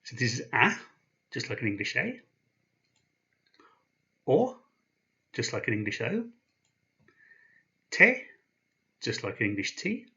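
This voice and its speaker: Man, language teacher, animated pitch, dull lo-fi recording. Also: vocal fry. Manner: patient, spells out each sound. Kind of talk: explaining slowly, with pauses.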